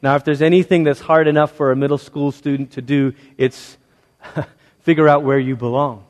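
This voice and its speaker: Emphatic preaching man with a high voice. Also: fairly even intonation, moderate pace. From Malaysia. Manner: emphatic preaching with repeated rhetorical phrases and big swings from loud to hushed. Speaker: pastor. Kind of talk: sermon. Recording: long reverb of a large hall.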